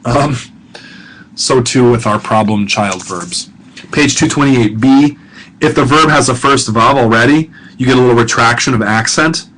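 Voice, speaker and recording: A man's voice: medium pitch, fairly bright tone, slight background noise, rough recording. Male professor, recorded lecture, patient and conversational, careful with pronunciation. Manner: patient, chatty, slows to sound out Hebrew words.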